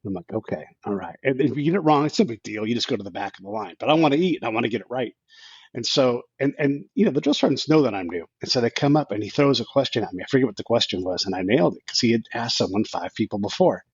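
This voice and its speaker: A man's voice: mid-range voice, animated, fast talker, slightly rough, no room sound, highs cut off. A man in his fifties, a podcast guest, telling a rambling story with many restarts and quoted asides. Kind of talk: casual storytelling.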